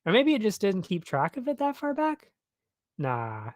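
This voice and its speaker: A man with a somewhat high voice talks through his betting picks in a loose, slangy ramble, often correcting himself mid-thought and chuckling at his own jokes. The sound is close and dry, with no room around it. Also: huge pitch swings, moderate pace, no room sound. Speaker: betting tipster host. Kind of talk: casual solo betting talk.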